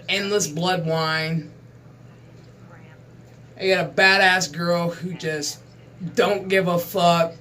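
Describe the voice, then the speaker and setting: A man's voice: sits high, steady tone, slow, long pauses, pushed and bright. Give me an exasperated, foul-mouthed man in his thirties hosting his own channel and venting at length. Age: 30s. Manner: profane, exasperated, emphatic. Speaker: gaming channel host. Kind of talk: casual ranting monologue.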